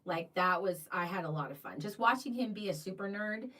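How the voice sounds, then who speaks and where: A woman's voice: mid-range voice, animated, a little fast, bright, forceful tone, distant mic, low-quality recording. Giggly chatty woman co-hosting a live show. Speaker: co-host of a live cruise show. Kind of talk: casual live-stream chat.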